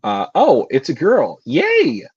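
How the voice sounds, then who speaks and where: Slow, husky-voiced manga reaction host. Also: male voice, mid-range voice, very animated, no echo, dull audio. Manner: thinking aloud, giggly asides. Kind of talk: live manga reading and commentary.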